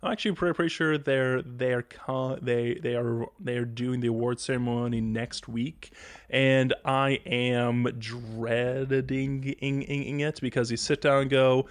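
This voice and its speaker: A man's voice: mid-range voice, fairly even intonation, a little slow, no room sound. A man hosting a casual podcast chat, stammering and repeating words a lot as he talks. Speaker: podcast host.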